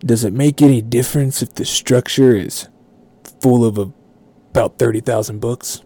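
Creepy calm guy, polite but menacing, flat deadpan, a man putting him on. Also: medium pitch, moderate pace, close to an everyday voice. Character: creepy calm man asking about arson.

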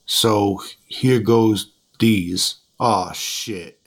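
A man hosting a podcast, telling stories in a rambling, casual way with many restarts and fillers, and getting animated when he quotes others. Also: lowish voice, extremely slow. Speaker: podcast host. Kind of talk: casual storytelling chat.

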